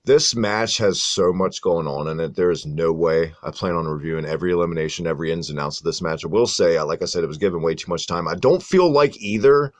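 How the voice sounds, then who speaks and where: A man with a fairly low, deep voice co-hosts a casual podcast. He talks in an animated, profane way and rattles off long strings of names with barely a pause. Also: dry recording. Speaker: podcast co-host. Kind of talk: casual wrestling review chat.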